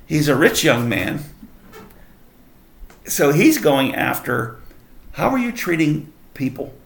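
Man, gravelly voice, casual bible study talk, reads verses then explains, echoey room. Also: fairly high pitch, sing-song, takes it slowly. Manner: reads scripture aloud and explains it conversationally. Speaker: Bible teacher.

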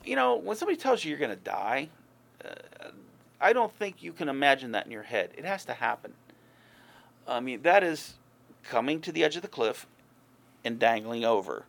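A man's voice: on the high side, wildly swooping pitch, fairly quick, creaky, fairly bright tone. A man preaching a sermon in an earnest, conversational way, with folksy asides. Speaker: pastor.

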